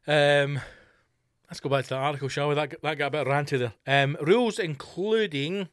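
Guy ranting on his podcast, sweary and sarcastic, fairly high voice. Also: normal speed, fairly bright tone, clean tone, dry recording, studio quality. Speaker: podcast host.

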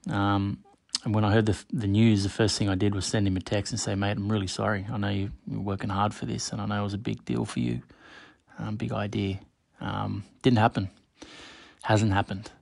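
A man's voice: fairly low pitch, a little fast, gravelly, a little mellow, dry recording. A man hosting a solo podcast, chatting casually and speaking straight to listeners by name. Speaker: podcast host.

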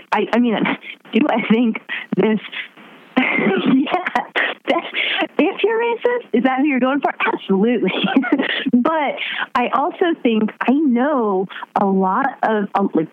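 A woman chatting casually on a podcast, animated and laughing, with her pitch swooping as she talks. The audio is slightly dull and muffled. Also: slow. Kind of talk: casual chat.

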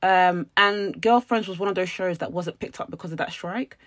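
A woman's voice: on the low side, normal speed, dry recording, clean studio sound. A woman, co-hosting a podcast in casual chat and telling stories with animation. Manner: chatty, animated storytelling. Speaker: podcast co-host.

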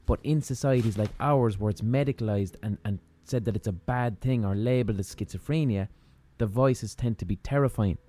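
A man's voice: fairly low pitch, a little fast, hardly any pauses, mellow. A man hosting a podcast who asks curious, rambling questions and repeats himself as he thinks aloud. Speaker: podcast host. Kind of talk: conversational interview questions.

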